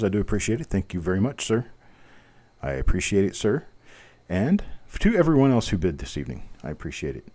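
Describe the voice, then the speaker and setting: Man, auction host, low voice, warm tone, chatty bid calls, self-deprecating asides. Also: huge pitch swings, brisk. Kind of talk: live online auction calling.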